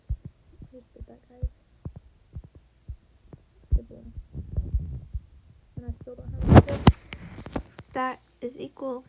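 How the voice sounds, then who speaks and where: Her voice is a little high and creaky, with background noise behind it. She is a young woman casually walking through math on a tablet, talkative and profane, regularly whispering as she crunches numbers.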